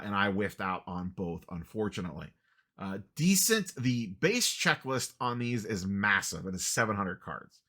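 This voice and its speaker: A man talks through a casual market update with a somewhat low voice that still comes across bright and forceful. His humor is dry and wry, he pokes fun at himself, and he fills his pauses with "uh". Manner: dry, wry self-deprecating delivery with many "uh" fillers. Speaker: sports card channel host.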